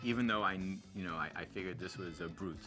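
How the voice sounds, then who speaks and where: A man's voice: deep voice, fairly quick. A male actor giving a reflective interview, with frequent hesitations. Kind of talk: interview recollection. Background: music.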